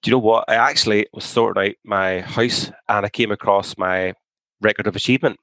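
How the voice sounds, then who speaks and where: Blunt, low-voiced man, outspoken guest. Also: steady tone, fairly quick, a bit bright, no echo, poor audio. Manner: blunt and outspoken, swears freely. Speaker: podcast guest. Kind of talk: candid conversation.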